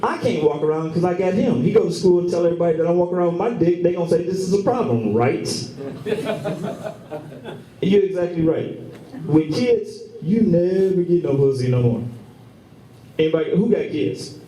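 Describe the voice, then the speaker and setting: A man in his thirties doing a profane, animated stand-up set, acting out the people in his stories. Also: high-pitched, moderate pace, pauses often. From Michigan, US. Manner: profane, animated storytelling with acted-out quotes. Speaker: stand-up comedian. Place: comedy club stage with laughing audience. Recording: roomy club recording from far off, crowd laughter.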